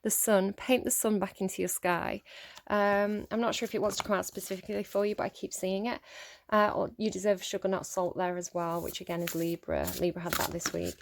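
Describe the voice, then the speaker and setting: A woman's voice: medium pitch, steady tone, brisk, vocal fry. A woman giving a casual tarot reading to camera at home, rambling and chatty with lots of fillers and small laughs. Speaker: tarot reader.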